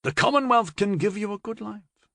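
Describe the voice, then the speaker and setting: A man's voice: high-pitched, animated, normal speed, gravelly, a bit bright, dry recording, studio quality, pitched above the performer's own voice, exaggerated voice. A man reading an audiobook voices an ancient, weary old man giving grave advice. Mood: sad.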